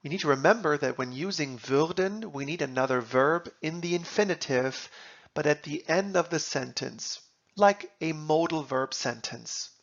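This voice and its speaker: A man teaching German grammar, reading example sentences and translating them in a slow, deliberate lesson. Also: a little high, a bit bright, lo-fi sound.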